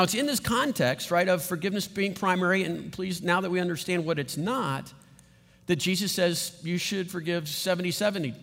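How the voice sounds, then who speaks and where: A man with a high-sitting, creaky, slightly bright voice preaches as pastor in a church sanctuary. His sermon is conversational, and he keeps checking in with listeners by asking "right?". Long hall reverb fills the recording.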